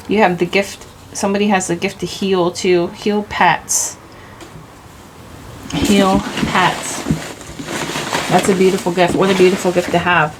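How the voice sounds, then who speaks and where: A woman's voice: fairly low pitch, noisy background. A woman giving a casual tarot reading at home into a microphone, rambling and chatty, laughing at herself. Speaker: tarot reader. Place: home, indoors. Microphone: desk microphone.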